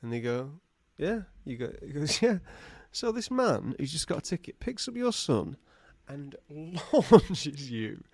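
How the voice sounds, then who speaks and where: A man's voice: fairly high pitch, unhurried, breathy edge, dry recording, clean studio sound. A man co-hosting a podcast, spinning a silly improvised story with lots of acted-out voices. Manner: animated, silly, acts out voices. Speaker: podcast co-host.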